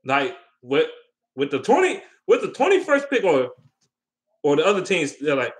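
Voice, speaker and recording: Unhurried but heated, a male vlogger rants about sports with big pitch swings in a slightly high voice. Expect plenty of profanity and repetition as he works through viewer questions.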